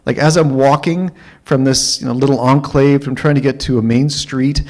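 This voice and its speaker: A man from Toronto, telling a story live at an open mic in a wry, animated, self-mocking way. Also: mid-range voice, moderate pace. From Toronto, Canada.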